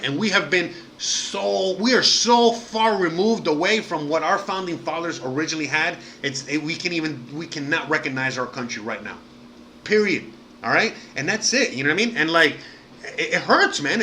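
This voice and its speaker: A man's voice: high-pitched, bright, forceful tone, slight background noise. A man hosting a live stream, talking straight to his viewers in a heated, profane, outraged rant full of fillers. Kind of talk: casual ranting monologue to viewers.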